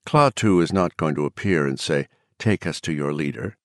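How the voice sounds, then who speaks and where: A man's voice: rumbling low, moderate pace, dry recording, clean studio sound, voice pushed down. A man voicing a cold woman taken over by an alien presence, speaking in a cool, condescending way in an audiobook. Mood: calm. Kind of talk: audiobook character voice.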